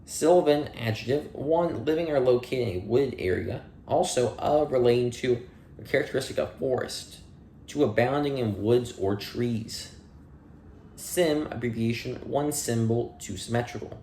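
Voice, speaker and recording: A man's voice: mid-range voice, moderate pace, dark tone, a little hiss or hum. Man reading a dictionary, echoey room. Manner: plain reading with dry asides and playful slips. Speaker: audiobook reader. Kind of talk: reading dictionary entries aloud.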